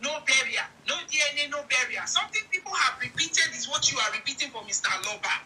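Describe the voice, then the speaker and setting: A woman's voice: high-pitched, lively intonation, fast talker, bright, forceful tone, slight background noise, poor audio. A woman with a Nigerian accent giving heated casual commentary, firing off indignant rhetorical questions.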